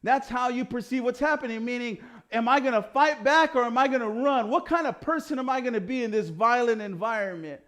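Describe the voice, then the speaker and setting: A man teaching a personal development class, explaining ideas in a casual, animated way with everyday slang. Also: very high voice, brisk, few pauses. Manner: animated storytelling with acted quotes and casual slang. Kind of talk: motivational lecture.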